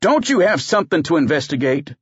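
A man's voice: low voice, breathy edge, dry recording, dull audio. A man doing a stern, weary sheriff. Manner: terse, measured questioning. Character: stern, weary small-town male sheriff.

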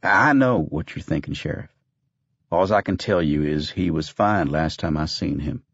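A jittery ranch foreman drawls his way around hard questions in a deep, low voice, as a male narrator puts him on. The audiobook sound is dull and dry, like a small booth. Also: moderate pace, breathy edge, no echo, exaggerated voice. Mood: nervous. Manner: folksy drawl, ungrammatical country talk. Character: panicky rustic ranch foreman, nervous and evasive.

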